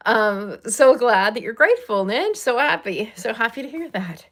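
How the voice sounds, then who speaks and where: A woman's voice: on the high side, expressive, moderate pace, a bit bright. An older woman from Southern California hosting a live-stream chat from her purple room at home, upbeat and chatty, greeting viewers by name. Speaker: livestream host.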